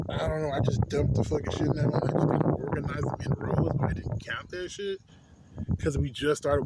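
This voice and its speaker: A man's voice: fairly high pitch, creaky. Profane ranting young man, noisy recording. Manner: profane, ranting, streetwise slang. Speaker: vlogger. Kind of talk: casual venting monologue. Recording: loud background noise.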